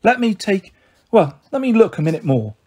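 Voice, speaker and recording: A man's voice: big pitch swings, moderate pace, husky, exaggerated voice. A man reading aloud, voicing a flighty, affectionate young mother in a storybook. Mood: excited. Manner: gushing and breezy, high and bright.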